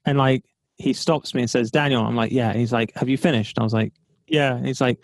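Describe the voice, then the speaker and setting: Animated male entrepreneur telling a story. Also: medium pitch, a little fast, no room sound. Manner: animated, acts out quoted dialogue, laughs often. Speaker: podcast guest, entrepreneur. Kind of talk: storytelling in a casual interview.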